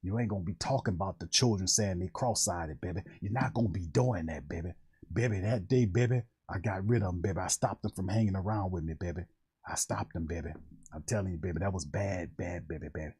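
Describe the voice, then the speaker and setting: A man voicing an old-school reverend, who drawls slowly and low and calls everyone baby. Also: darkish tone, husky, full character voice. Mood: preachy. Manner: slow, low preaching drawl repeating "baby".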